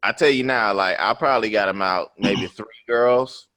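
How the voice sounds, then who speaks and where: A man's voice: fairly low pitch, normal speed, pushed and bright. Man telling stories in casual, profane talk. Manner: profane, tags lines with "you know what I'm saying". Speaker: podcast host. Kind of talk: casual storytelling chat.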